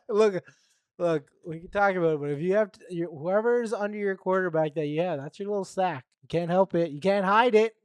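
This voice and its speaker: A man's voice: high voice, moderate pace, clean tone, dry recording. Joking Canadian man co-hosting a podcast. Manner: joking, puts on silly voices. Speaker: podcast co-host. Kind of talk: casual fantasy football chat.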